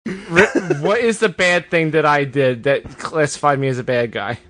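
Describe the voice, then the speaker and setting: A man's voice: fairly high pitch, moderate pace, a bit bright, no room sound. A man co-hosting a comedy podcast, teasing and egging the others on. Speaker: podcast co-host. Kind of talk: casual comedic banter.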